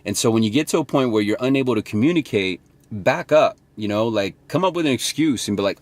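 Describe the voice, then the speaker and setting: Sitting in his car, a young man who coaches sales on his vlog gives offhand motivational advice, wandering off topic and occasionally cursing. He speaks fast and animatedly in a mid-range, slightly dark voice, and there's no room sound.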